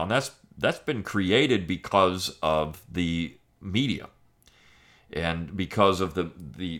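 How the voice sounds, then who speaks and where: A man's voice: deep voice, fairly bright tone. A middle-aged man hosting a show, talking through his thoughts with many restarts and fillers. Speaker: podcast host. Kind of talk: casual monologue, then reading aloud.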